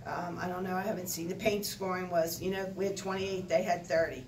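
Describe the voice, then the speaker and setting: An older woman, a basketball coach, talking in an animated, rambling way at a postgame press conference. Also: lowish voice, fairly quick, a little hiss or hum. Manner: animated, talkative, rambling with restarts. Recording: echoey room, distant mic, faint ambience.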